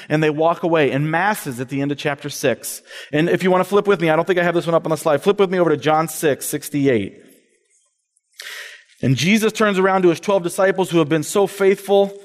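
A man preaching a sermon to college students as a campus minister, animated, acting out the voices he quotes. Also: a little high, fairly quick, in a large hall.

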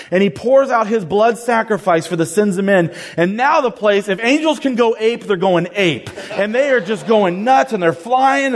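Male pastor, sermon, casual slangy storytelling, high voice, long hall reverb.

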